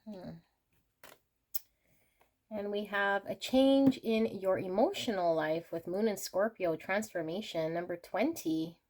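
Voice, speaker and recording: A woman's voice: medium pitch, slow pace, a little mellow. A woman hosting a pick-a-card tarot reading, talking in a gushing, exclamatory way as she turns the cards. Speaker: tarot reader.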